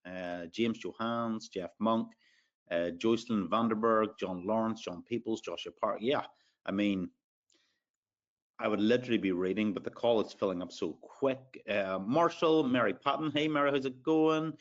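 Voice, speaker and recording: A man's voice: on the low side, normal speed, dull audio. A man with an Irish accent hosts a live sales webinar. He talks in a chatty way, with many fillers, and reads out audience names as he goes. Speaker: webinar host.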